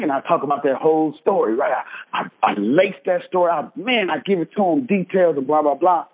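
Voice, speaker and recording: Brisk and animated, a Texan man in his thirties with a slightly high, husky voice tells his life story on a tinny phone call. It's a lively personal testimony full of emphatic asides, and he keeps throwing in "right?" and "check this out."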